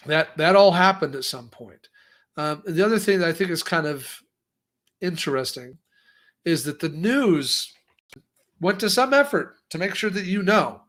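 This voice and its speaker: A man co-hosting a casual news breakdown, his voice sitting a bit higher than most. He tells the story in a lively, conversational way and often doubles back to restart a sentence. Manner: lively, acts out quotes, frequent restarts. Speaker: co-host.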